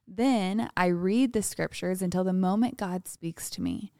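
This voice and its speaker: A woman co-hosting a faith podcast, calmly reading a devotional passage aloud. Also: fairly low pitch, a little slow, dry recording, clean studio sound. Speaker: podcast co-host.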